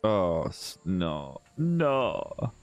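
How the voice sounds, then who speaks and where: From a home room, a southern English man runs a live gaming stream, reading comments aloud and joking and teasing with viewers, with plenty of "mate" and "bro" and some restarts. His low, easygoing voice turns sing-song and very slow, and the recording is muffled. Soft music runs underneath.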